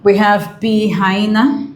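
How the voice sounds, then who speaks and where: A woman's voice: mid-range voice, level tone, slow, reverberant, slight background noise. A woman teaching an exam-prep English lesson, repeating key points and checking in with "okay?".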